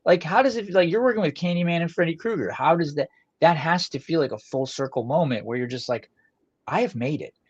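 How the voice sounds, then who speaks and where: A man co-hosting a podcast, talking in a rambling, animated way with fast bursts and lots of swearing. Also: on the high side, slightly rough, no echo. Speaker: podcast co-host. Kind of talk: casual chat with heavy swearing. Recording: dull lo-fi dry sound.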